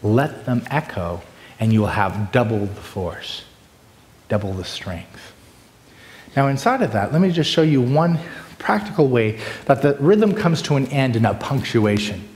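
A man giving a conference lecture on preaching, animated and demonstrative, swinging between loud bursts and hushed asides. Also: medium pitch, normal speed. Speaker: preaching workshop speaker. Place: large hall with long reverb. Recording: echoey hall from far off.

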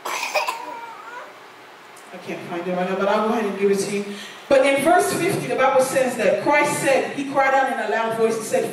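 A woman's voice: fairly high pitch, a little fast, long pauses, background noise. A woman preaching a sermon in a church, earnest and repeating lines for emphasis. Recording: echoey church hall, voice from far off.

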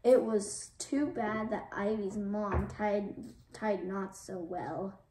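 A woman reading a children's chapter book aloud in a steady, measured narration. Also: mid-range voice. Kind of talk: storybook read-aloud. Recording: roomy, distant mic, faint noise.

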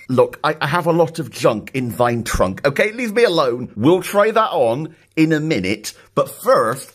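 A man unboxing a package in a casual vlog, joking and laughing, excited and upbeat. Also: medium pitch, breathy edge. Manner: excitable, jokey, laughs often. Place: indoors, later outside in his back garden.

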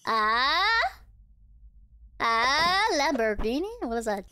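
A woman streamer giving excitable, giggly live commentary on a game, swearing freely. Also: fairly high pitch, slow, slight background noise. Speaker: VTuber streamer.

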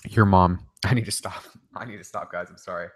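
A man's voice: low voice, steady tone, fairly quick. A man hosting a livestream, answering viewer questions in a casual, joking way with plenty of swearing and rambling asides. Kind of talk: casual rapid-fire Q&A livestream.

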